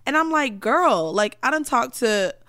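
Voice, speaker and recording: A woman's voice: sits high, expressive, normal speed, sharp tone, no echo, clean studio sound. A woman co-hosting a podcast in casual chat, brash, slangy and profane, laughing often. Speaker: podcast co-host.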